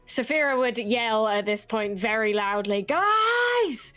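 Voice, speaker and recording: A woman playing a tabletop game, describing her character's actions in an unhurried, hesitant way with fillers. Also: medium pitch, fairly even intonation, a bit bright, smooth, no echo, soft background music. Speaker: player.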